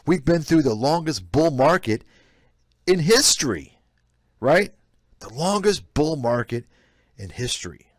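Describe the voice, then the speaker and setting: A man's voice: a little high, big pitch swings, unhurried, long pauses, no room sound, studio quality. A man giving blunt, scornful commentary on a live stream, reacting to clips. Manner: blunt, scornful, repetitive ranting. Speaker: host, investment analyst.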